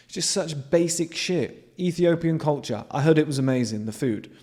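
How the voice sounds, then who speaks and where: A man with an animated manner, hosting a casual monologue to his viewers and swearing freely. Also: fairly high pitch, normal speed. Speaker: host.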